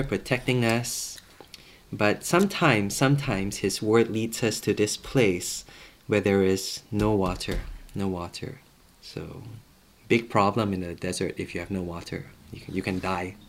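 A man preaching a casual sermon from home, talking conversationally and repeating words for emphasis. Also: fairly low pitch. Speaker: pastor.

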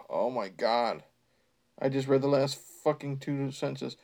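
A man's voice: mid-range voice, slow pace, gravelly, darkish tone. A man doing a comedic read-aloud of bad fan fiction, breaking off into sarcastic, exasperated, profane asides. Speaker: reader.

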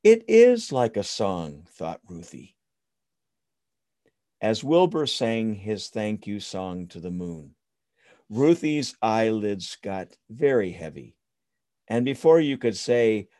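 Man telling a bedtime story, slow, low and lively in tone, soothing, dry close sound. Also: no room sound. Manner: soothing, expressive.

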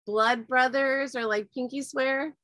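A woman's voice: high-pitched, steady tone, measured pace, bright, forceful tone, dry recording. A woman hosting a podcast, playful and jokey, who swears freely in casual chat. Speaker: podcast host.

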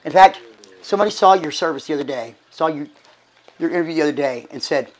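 A middle-aged man gives casual church announcements as archbishop, hoarse and short of breath, chatty and folksy with halting restarts. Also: fairly high pitch, low-quality recording. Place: church sanctuary.

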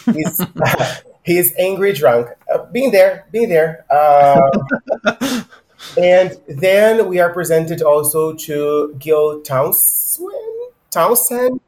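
A man's voice: fairly high pitch, slow, darkish tone. A man co-hosting a casual book discussion podcast, chatty and laughing easily, with frequent ums. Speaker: podcast co-host. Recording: roomy echo.

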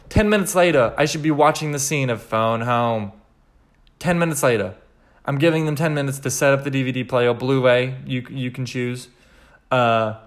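A young man from Kansas hosting a solo podcast, rambling and sarcastic in an animated way. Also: medium pitch. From Kansas, United States. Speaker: podcast host.

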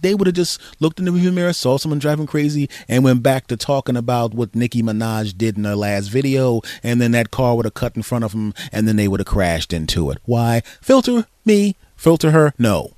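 A middle-aged man rants through a comedic solo monologue, his voice at an ordinary mid pitch. He is animated and jumps into mock voices. The close microphone picks him up completely dry, with no room sound. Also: brisk, few pauses, no echo. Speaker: podcast host.

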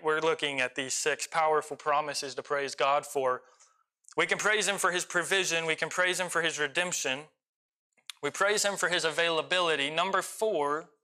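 A man preaching a sermon with impassioned delivery, swinging between loud pleading and quiet intensity. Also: a little high. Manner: impassioned, rising and falling in volume; emotional.

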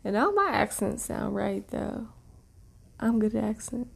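A woman co-hosting a casual podcast, talking in a relaxed, easygoing way. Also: medium pitch, unhurried, creaky, slightly rough. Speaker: podcast co-host.

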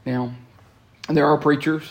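A man, preaching a lively sermon in a church and breaking into quick asides and repeated words. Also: a little high. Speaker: pastor. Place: church sanctuary.

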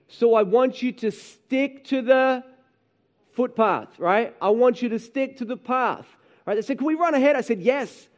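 A man preaching a sermon, telling animated stories about his children and often asking the room "right?". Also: very high voice. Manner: animated storytelling, acts out his kids and himself, frequent "right?". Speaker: pastor.

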